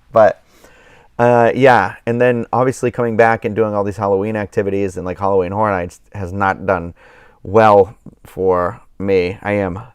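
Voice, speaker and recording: Male streamer, low voice, dry close sound. Sleepy, rambling casual chat. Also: a little mellow, clear, resonant tone, no room sound. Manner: rambling, many fillers and restarts. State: tired, yawning. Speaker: live stream host.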